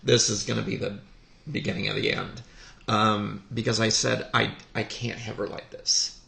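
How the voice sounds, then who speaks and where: A man telling a personal story on a podcast, speaking in a halting, heartfelt way with many pauses. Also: fairly low pitch, flat delivery, vocal fry, bright, forceful tone. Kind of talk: podcast conversation. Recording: roomy echo.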